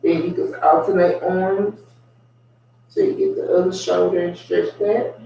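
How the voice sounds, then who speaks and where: A man coaches a stretching routine at home in a slow, easygoing way, his voice gravelly and dark. He sounds far from the mic in a very echoey room with faint background noise. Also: high-pitched. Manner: relaxed, unhurried coaching with asides. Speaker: fitness instructor. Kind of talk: casual home workout instruction.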